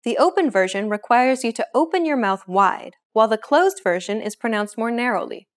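A young adult woman hosting a language lesson, explaining in a clear, measured scripted way. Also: on the high side, lively intonation.

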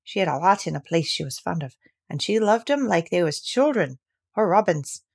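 A gruff, grumbling old gardener, as a woman reading a storybook puts him on. He speaks in a lively, swinging voice that jumps up and drops low, curt and reluctant. The storybook telling stays close and plain. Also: moderate pace, full character voice. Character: grumpy old Yorkshire gardener man.

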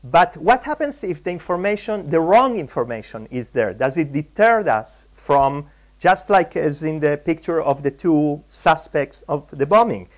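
A man's voice: a little high, expressive, unhurried. A man from Israel lecturing at a conference, hesitant, with many ums and restarts. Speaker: guest lecturer, artist. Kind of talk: conference talk on caricature. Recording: live lecture hall talk.

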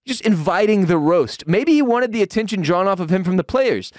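A man hosting a sports podcast, ranting in a profane, heated way with shouted peaks, then dropping to a low, weary tone. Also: fairly quick, hardly any pauses, dry recording, clean studio sound. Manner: drops to low, weary tone when calming down. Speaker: podcast host. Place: home room with dogs.

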